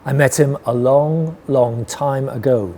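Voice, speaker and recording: A man voicing a big gruff male monster father in a storybook reading, speaking slowly and gravely. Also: medium pitch, warm tone, a little hiss or hum. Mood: solemn.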